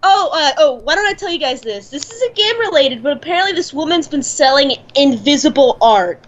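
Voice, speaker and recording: A woman co-hosting a casual gaming podcast, excitable and prone to rambling segues. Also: sits high, brisk, dull audio. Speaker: podcast co-host.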